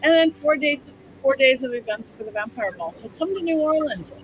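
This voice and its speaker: A woman hosting a casual panel chat, upbeat and quick as she rattles off upcoming events. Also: high voice, expressive, a little hiss or hum. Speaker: podcast host.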